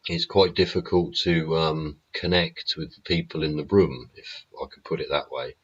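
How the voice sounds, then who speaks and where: Very deep husky man, sweary. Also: normal speed, muffled recording. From England. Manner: rambling, blunt and heavily sweary. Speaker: show host. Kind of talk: live-stream monologue.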